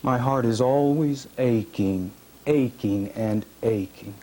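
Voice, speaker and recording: A man reading his own first-person fiction aloud at a literary reading, measured and dramatic, with heavy pauses. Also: mid-range voice, dark tone, a little hiss or hum. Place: reading series event.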